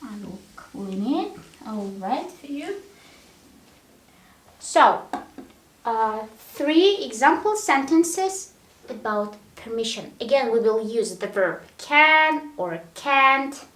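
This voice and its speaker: A woman's voice: fairly high pitch, expressive, slow pace, fairly bright tone, a little hiss or hum. A woman teaching an English grammar lesson, speaking patiently and repeating words one at a time to show the stress. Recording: echoey room.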